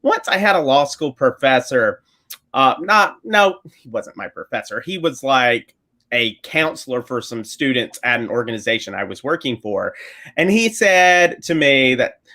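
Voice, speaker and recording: Bright, lively Southern-accented man. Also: mid-range voice. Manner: chatty, laughs easily, drawn-out storytelling. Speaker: co-host. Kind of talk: casual chat.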